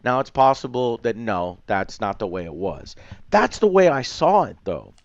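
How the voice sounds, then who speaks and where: A man's voice: medium pitch, very animated, normal speed, no echo, muffled recording. A man reviewing a show online, ranting passionately and swearing. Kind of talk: heated video commentary.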